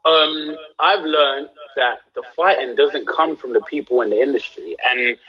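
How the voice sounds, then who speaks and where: This young Englishman from London, an actor, is the guest in a casual live-streamed interview, telling stories in a London accent. He stays relaxed and becomes animated with anecdotes, talking unhurriedly at medium pitch over lo-fi sound.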